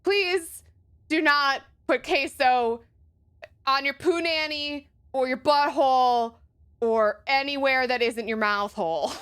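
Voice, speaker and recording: A woman's voice: high voice, slow, a bit bright. A young adult woman streaming a game playthrough, giggling, exclaiming and greeting viewers in chat.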